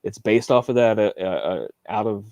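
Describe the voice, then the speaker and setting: A man guests on a livestream interview over a remote setup. He talks about his comics in a laid-back, rambling way. His voice sits on the low side, and the sound is dry. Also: lively intonation, moderate pace, creaky, a little mellow, dry recording. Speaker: comic book writer guest.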